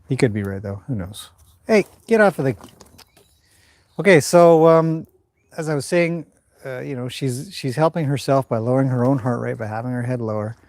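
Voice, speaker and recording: His voice mid-range and free of any room sound, a man calmly livestreams a horse-training session in an indoor arena. He shifts back and forth between speaking to the horse and speaking to the people watching.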